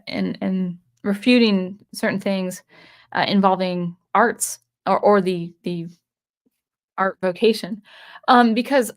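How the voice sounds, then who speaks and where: A woman in her thirties chatting casually on a livestream as host, rambling and candid, often correcting herself mid-sentence. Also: medium pitch. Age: 30s. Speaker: channel host.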